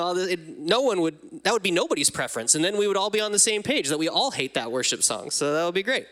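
Young male pastor, bright and slightly high voice, chatty sermon delivery with dramatic scripture reading. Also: big pitch swings, brisk. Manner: conversational, reads scripture aloud with rising dramatic emphasis. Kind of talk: casual sermon teaching from scripture.

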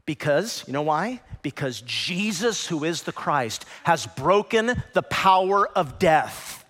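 A middle-aged man preaches with a high, animated voice that jumps around in pitch. He drops to a hush and then climbs to near shouts. The sound carries the long reverb of a large church hall. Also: slow, hardly any pauses. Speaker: pastor. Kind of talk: sermon.

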